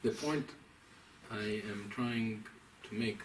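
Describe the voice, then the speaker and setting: A man, a rabbi, giving a deliberate, emphatic, scholarly lecture to a small audience. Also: on the low side. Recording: distant mic, faint room noise.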